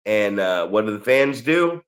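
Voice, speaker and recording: A man with an American accent co-hosting a wrestling podcast, telling stories in a sarcastic, profane, animated way. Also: on the low side, unhurried. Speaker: podcast co-host. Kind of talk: casual chat.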